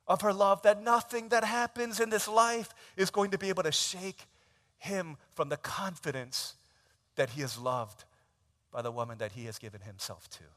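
A man preaching a sermon in church, with a somewhat high voice. He tells stories and acts out both sides of a conversation, jumping up loud for the excited lines. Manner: animated storytelling, acts out dialogue in a raised voice. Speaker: pastor. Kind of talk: sermon with acted-out story.

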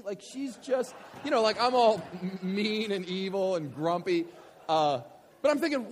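A man in his thirties, a pastor telling a story in a sermon, going from hushed to shouting. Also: high voice, very animated, normal speed, long reverb tail. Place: church hall with audience.

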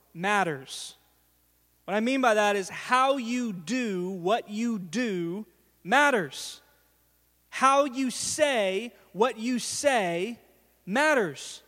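A man preaching a sermon to his congregation, telling stories in an animated way and acting out the lines he quotes. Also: high voice, big-room sound. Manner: animated storytelling, acts out quotes. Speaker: pastor. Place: church sanctuary.

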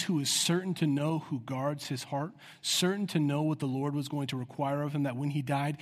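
A man preaches a sermon in a somewhat high voice. He speaks earnestly and breaks into voiced prayers with rising intensity. The sound carries a long hall reverb. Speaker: pastor.

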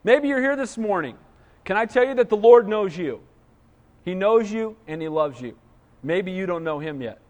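With lively call-and-response energy, a high-voiced pastor delivers his sermon at a moderate pace. The muffled recording carries a long hall reverb, like a church sanctuary.

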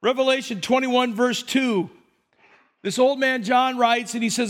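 A male pastor preaching a sermon, telling stories in an animated way with repetitions and asides. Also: very high voice, a little slow. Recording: long hall reverb.

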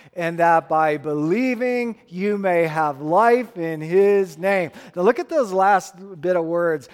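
A man's voice: sits high, long reverb tail. A man preaching a sermon in a church, emphatic and playful with the congregation. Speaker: pastor.

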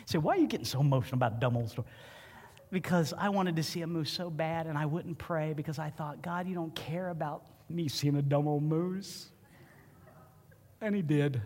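A man preaching a sermon as pastor, telling a personal story in an emotional, animated way. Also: on the high side, big-room sound. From Ohio. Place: church.

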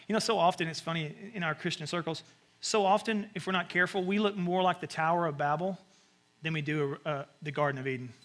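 A man with a Southern US accent, preaching a conversational sermon with sudden animated asides. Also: fairly high pitch, a little fast. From American South. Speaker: pastor.

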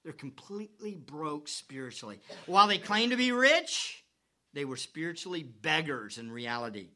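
A man preaching a sermon who swings from hushed whispers to loud, emphatic declarations and stretches words slowly for emphasis. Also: on the high side, big pitch swings. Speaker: pastor.

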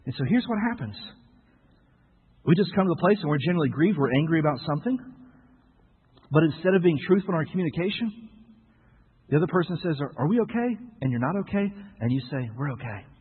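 A slightly high, husky man preaches in a church, jumping between loud outbursts and quiet asides, full of rhetorical questions and playful humor. His voice rings out in a long hall echo on a thin, phone-like recording. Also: expressive, quick pace, pauses often. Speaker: pastor. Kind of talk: sermon. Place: church sanctuary. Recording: echoey hall on a tinny lo-fi recording.

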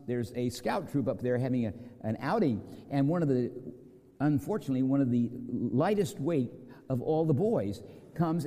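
A man preaching in a big hall where his voice rings out with a long echo. His tone is mellow and dark, and his pitch rises and falls a lot as he tells a story and plays the people in it. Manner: storytelling with acted quotes, lively pitch swings. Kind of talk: sermon.

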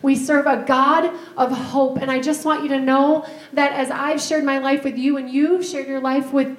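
A woman's voice: high voice, level tone, normal speed. A woman, a pastor's wife, giving a heartfelt, tearful farewell to her church. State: crying. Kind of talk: emotional farewell address. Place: church sanctuary. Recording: echoey church sanctuary.

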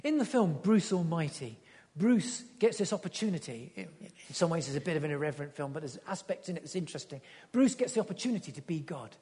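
A man preaching a sermon with passion, swinging from loud urging to hushed tones and repeating words as he builds each point. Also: on the high side, big pitch swings, fast talker, breathy edge. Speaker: pastor. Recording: long hall reverb.

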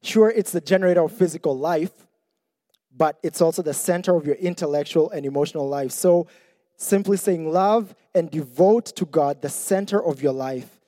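A man's voice: on the high side, normal speed, mellow, dry recording, studio quality, big-room sound. A young man preaching a sermon in a conversational, self-deprecating way, often restarting his sentences.

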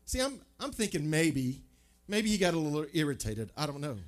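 Man, pastor, sermon, conversational preaching, rhetorical questions, fairly high voice. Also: sing-song, moderate pace.

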